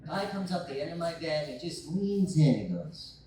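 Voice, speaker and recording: A young adult man telling a rambling, profane stand-up story, acting out scenes with sudden shouted quotes. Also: fairly high pitch, very animated, normal speed, a little hiss or hum. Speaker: stand-up comedian. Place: bar stage. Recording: echoey bar room from far off.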